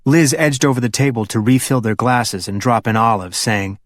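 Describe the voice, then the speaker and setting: Measured male audiobook narrator, dry close sound. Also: no room sound. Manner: even, measured storytelling that drops low and quiet for a laconic lawman.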